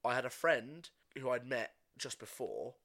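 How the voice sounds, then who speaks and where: A young man tells stories in a relaxed podcast chat, and he laughs easily along the way. His voice is bright and forceful, and it sits at a middling pitch. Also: moderate pace. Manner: chatty storyteller, laughs often. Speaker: podcast co-host. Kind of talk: casual chat.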